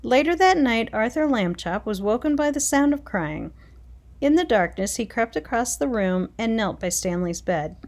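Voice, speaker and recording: A woman reading a children's chapter book aloud, expressive and dramatic. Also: a little high, moderate pace. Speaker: reader. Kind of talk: storybook read-aloud.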